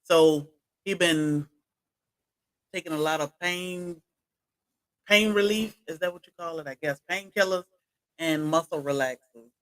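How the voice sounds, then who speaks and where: A woman's voice: sits low, measured pace, long pauses, low-quality recording. A woman chatting casually on a homestead livestream, greeting viewers from the chat by name as she talks.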